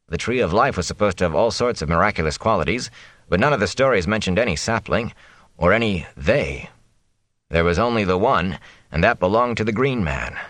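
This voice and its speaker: A man reading a fantasy novel aloud in a measured, suspenseful way. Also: low-pitched, a bit bright, no room sound. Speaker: audiobook narrator. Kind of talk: scripted fantasy narration.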